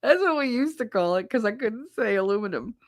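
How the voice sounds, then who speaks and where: A woman with a fairly high, lively voice talks at a quick clip, recorded dry with clean studio sound. She hosts a podcast from her bedroom at home, chatting casually with live viewers, swearing freely and often laughing at herself in a chatty, self-mocking way.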